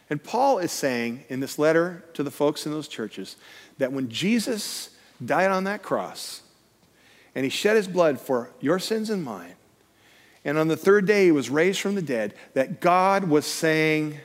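Middle-aged man, guest preacher, higher voice, animated storyteller, long church reverb. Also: moderate pace. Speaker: guest speaker. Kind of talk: sermon.

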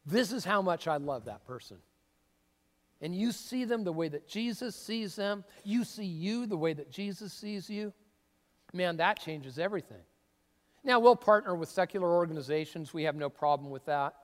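A man preaching a sermon as a pastor, conversational and emphatic, with sudden bursts of excitement. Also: high-pitched, moderate pace. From Seattle area. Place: church sanctuary. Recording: long reverb of a church hall.

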